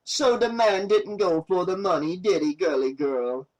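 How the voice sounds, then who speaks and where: A man's voice: high voice, measured pace. A man voicing a laid-back stoner who fakes an overdone Jamaican accent, drawling and teasing.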